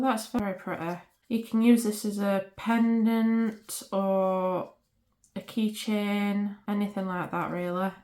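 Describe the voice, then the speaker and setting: A woman host talks through her resin crafting in a casual, chatty way, a little out of breath. Her voice sits at an ordinary middle pitch for a woman. She is recorded in an echoey home craft room. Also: a little mellow. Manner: chatty, narrating while she works.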